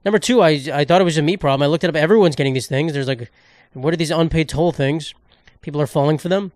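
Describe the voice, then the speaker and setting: A man's voice: fairly high pitch, quick pace, darkish tone, dry recording, studio quality. A man hosting a solo podcast, ranting in a rambling, sarcastic, profane way and cutting himself off mid-thought. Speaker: podcast host.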